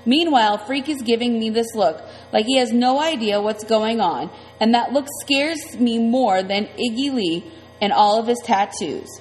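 A woman's voice: fairly high pitch, moderate pace, in a large hall, rough recording. A woman reading a first-person story aloud in a plain, conversational way. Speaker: audiobook narrator.

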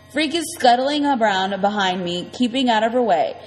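Woman reading a first-person story, kinda high voice, long reverb tail. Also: expressive, normal speed, soft background music. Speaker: audiobook narrator.

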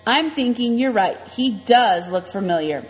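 Lady putting on a gruff mean biker boss guy, mocking, kinda high, echoey with faint music. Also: expressive, unhurried. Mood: menacing. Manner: gruff, taunting. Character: menacing burly male biker gang boss. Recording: long reverb, faint music.

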